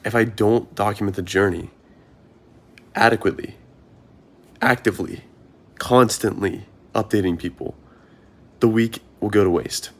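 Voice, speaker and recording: A man's voice: on the low side, fairly even intonation, measured pace, pauses often. A young man, a marathon runner, talking through his thoughts in an earnest, rambling vlog monologue, often asking himself questions.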